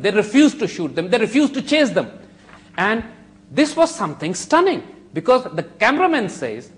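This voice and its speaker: A middle-aged man speaks in a notably high register, pressing his points hard. He argues like a television pundit, stacking up rhetorical questions and insisting on every detail. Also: sing-song, moderate pace. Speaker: talk show guest, commentator. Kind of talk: argumentative TV discussion.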